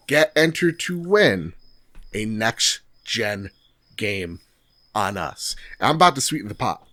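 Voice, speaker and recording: A man's voice: mid-range voice, bright, forceful tone, no room sound. A man co-hosting a casual gaming podcast, joking around and reading listener reviews aloud. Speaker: podcast co-host.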